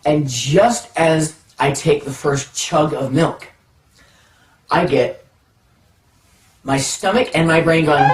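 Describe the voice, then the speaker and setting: A man telling a comic personal story to the camera, animated and self-mocking. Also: fairly high pitch, slow, long pauses, slight background noise. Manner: animated, self-mocking, acts out voices in his stories. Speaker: storytelling vlogger. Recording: echoey room, mic far off.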